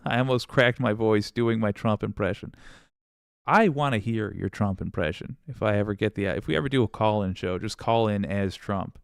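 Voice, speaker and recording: Male livestream host, low and gravelly, sarcastic and loose, swears and laughs while reading chat. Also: no room sound, clean studio sound. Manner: rambling, sarcastic, swears freely, laughs often. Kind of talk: casual livestream chat reading viewer comments.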